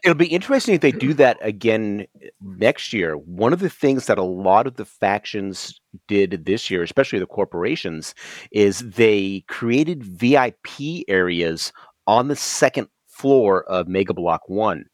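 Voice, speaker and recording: A man speaking as a guest in a casual podcast chat, in a measured, explanatory way. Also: fairly low pitch, expressive, no room sound.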